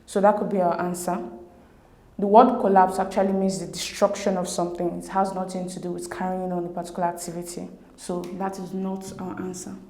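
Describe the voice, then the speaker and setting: A woman, working through exam questions as a tutor in a steady, methodical way. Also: on the low side, fairly quick. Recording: echoey room.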